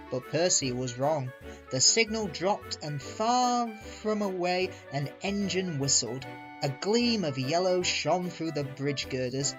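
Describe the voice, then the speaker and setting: A man narrating a children's railway story with clear, even storytelling. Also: on the high side, takes it slowly. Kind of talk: storybook reading. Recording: muffled recording with soft music.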